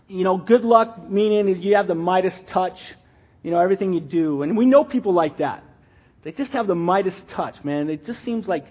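A middle-aged man giving a rambling, animated church teaching, full of restarts and asides. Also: sits high, husky, highs cut off. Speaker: lay teacher.

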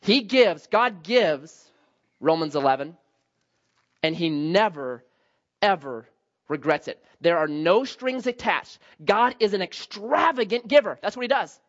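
A man in his forties preaching a sermon, telling a personal story and acting out his younger self in lively bursts. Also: a little slow, dull audio. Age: 40s. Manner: animated, acts out his younger self with high excited outbursts. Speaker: pastor.

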